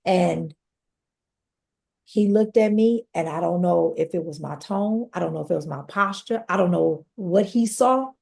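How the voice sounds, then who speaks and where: A woman's voice: on the low side, a little slow, creaky, darkish tone. A woman guest on a podcast, earnestly telling her own life story and speaking straight to the listeners. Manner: earnest, addresses listeners directly. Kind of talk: personal testimony storytelling.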